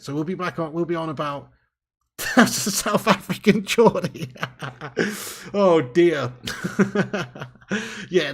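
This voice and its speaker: Chatty man hosting a fan livestream. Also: a little high. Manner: chatty, joking, reads out viewer names. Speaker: fan channel host. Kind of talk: live stream chat.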